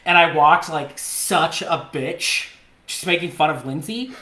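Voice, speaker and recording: A man co-hosting a podcast, telling a story in a casual, animated way, laughing often and mimicking the people in it. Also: a little high, measured pace. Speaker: podcast co-host. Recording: roomy echo.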